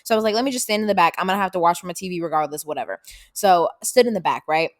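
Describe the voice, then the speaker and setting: A woman of about eighteen from Seattle, co-hosting a podcast and telling a story in casual, profane, animated chat. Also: fairly low pitch, rapid-fire, dry recording, studio quality. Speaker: podcast co-host, daughter.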